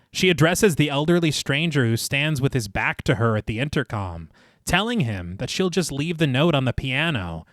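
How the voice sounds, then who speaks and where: A man's voice: mid-range voice, a bit bright, no echo, clean studio sound. A man co-hosting a podcast, reading a detailed film recap in a narrating voice and breaking into laughter between passages. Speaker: podcast co-host.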